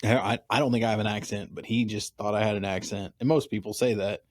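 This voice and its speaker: Fast-talking with a fairly low, steady voice, this podcast host from Oklahoma or Texas keeps a casual interview chat easygoing and laughs often. The recording is studio quality with no echo.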